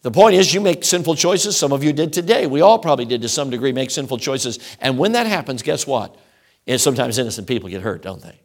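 A man's voice: medium pitch, expressive, fast. Middle-aged preacher guy, sermon mode, voice swinging all over, punchy repeated lines. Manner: emphatic, repeats phrases in rhythmic lists. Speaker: traveling preacher.

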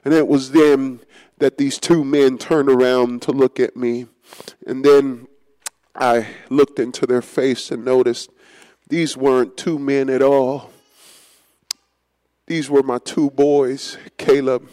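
A pastor preaching a sermon, telling a story with passion and drama. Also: male voice, medium pitch, level tone, slow, long pauses, mellow, rough recording.

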